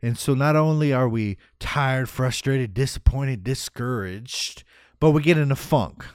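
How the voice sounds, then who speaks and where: Energetic man giving a motivational talk. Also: mid-range voice, unhurried, clean tone, dry recording, studio quality. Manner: energetic, rhetorical, repeats "right?". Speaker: motivational speaker.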